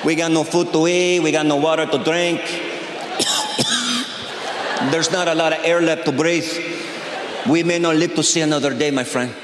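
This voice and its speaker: A man playing a worn-out miner trapped underground, drawling every word with big swoops in pitch. A live stage recording with a long echo in the hall and noise under it. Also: wildly swooping pitch. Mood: weary. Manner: slow, exaggerated drawl. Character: weary trapped male miner, slow drawl.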